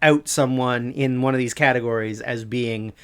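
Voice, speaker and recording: A man's voice: mid-range voice, steady tone, normal speed, smooth. A man co-hosting a podcast, talking casually in a dry, offhand way and reading out lists. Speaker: podcast co-host. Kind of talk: casual chat.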